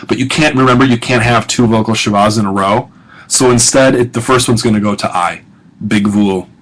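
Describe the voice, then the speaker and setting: A man's voice: on the low side, low-quality recording. Chatty male professor talking through grammar. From United States. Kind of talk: recorded audio lecture.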